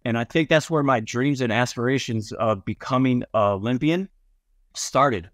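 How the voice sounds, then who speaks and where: A man from upstate New York, a podcast guest, telling stories in a relaxed way with lots of ums and likes. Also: medium pitch, normal speed, no echo, studio quality. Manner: laid-back, many ums and likes. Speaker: podcast guest, former Olympic swimmer. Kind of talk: casual storytelling chat.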